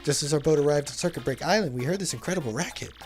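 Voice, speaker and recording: A man's voice: on the high side, expressive, racing, faint music behind. A man voicing a laid-back young man telling a long adventure story in casual slang for a video game dub. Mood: storytelling. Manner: casual slangy storytelling, says bro a lot.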